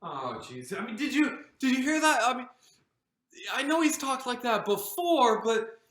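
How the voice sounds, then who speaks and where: Speaking at a measured pace, a woman pastor uses a fairly high, sing-song, somewhat bright voice in a devotional monologue, playing a disciple of Jesus who is scared. Her delivery is anxious and stammering, full of restarts, and the room echoes noticeably.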